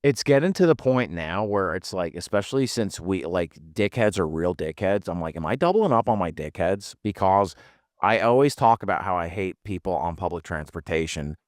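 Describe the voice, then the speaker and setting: A man's voice: deep voice, normal speed, dry recording, studio quality. A man with a Philadelphia accent co-hosting a podcast in casual, profane banter, rambling and slipping into joking voices. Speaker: podcast co-host.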